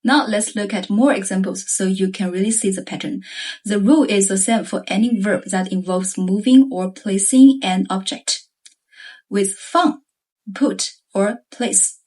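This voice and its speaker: In a scripted Chinese grammar lesson, a woman reads example sentences with slow care. Her mid-range voice is a little mellow and slightly rough.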